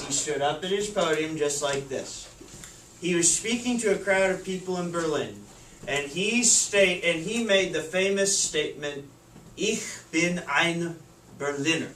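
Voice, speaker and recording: A man's voice: high voice, animated, normal speed, bright, forceful tone, a little hiss or hum. A male teacher, leading a classroom lesson by asking the class questions and repeating their answers. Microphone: far camera. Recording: echoey classroom from far off.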